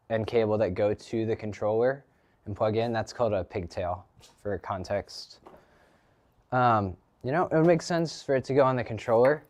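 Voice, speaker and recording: A man's voice: lowish voice, darkish tone. Rambling teenage guy streaming live. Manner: rambling, lots of ums and restarts. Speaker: livestreamer. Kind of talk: casual live stream chat. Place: home garage.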